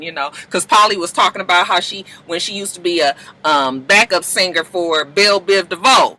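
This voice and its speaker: A man casually recapping a TV episode, acting out the characters' lines in high put-on voices. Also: a little fast, hardly any pauses, bright, forceful tone, low-quality recording.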